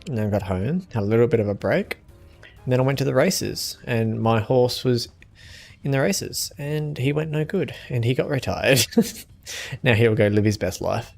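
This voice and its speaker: A young man streaming a game and chatting casually with viewers in a relaxed, easygoing way. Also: mid-range voice, normal speed, vocal fry, soft background music. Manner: relaxed, chatty, answers chat with small laughs. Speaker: gaming streamer.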